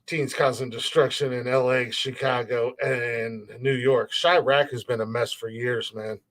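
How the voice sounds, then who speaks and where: A man's voice: medium pitch, fairly even intonation, measured pace, a bit bright. A man hosting a solo podcast, ranting bluntly and profanely in a heated, restarting way. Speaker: podcast host. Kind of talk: opinionated solo podcast rant.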